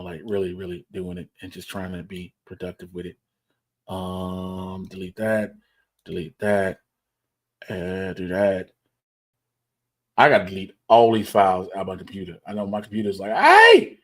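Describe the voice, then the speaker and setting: A man hosting a livestream, mumbling to himself in casual, profane slang while he fiddles with his editing software. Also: fairly low pitch. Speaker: stream host.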